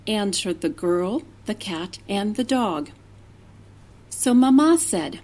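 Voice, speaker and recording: A woman teacher reading a children's storybook aloud, slowly and expressively, with animal noises and character voices. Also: medium pitch, a little mellow.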